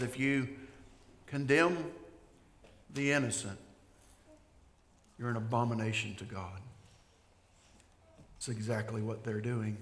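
A man preaching a sermon, emphatic, dropping to a hush and then building loud again. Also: mid-range voice. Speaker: pastor. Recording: echoey hall.

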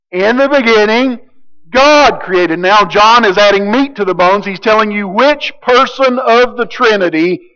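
A man preaching a sermon, emphatic, swinging from hushed to loud. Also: high-pitched, highs cut off. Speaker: pastor.

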